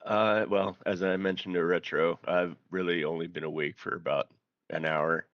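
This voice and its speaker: A man from the United States calling in to a show, talking in a hesitant, joking way with halting restarts, over dull lo-fi call audio. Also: low-pitched, flat delivery, dry recording. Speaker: caller. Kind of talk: casual chat.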